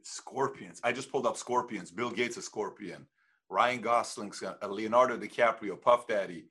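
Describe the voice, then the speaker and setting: A man hosting a casual interview, halting and repeating words with many uhs. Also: fairly low pitch, sharp tone, breathy edge. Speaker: podcast host.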